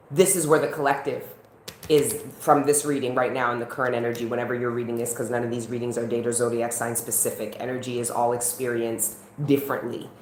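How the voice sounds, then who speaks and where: A woman with a low voice gives a casual tarot reading, blunt and profane, often breaking into laughter. Her voice rings with a roomy echo over faint background noise. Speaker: tarot reader.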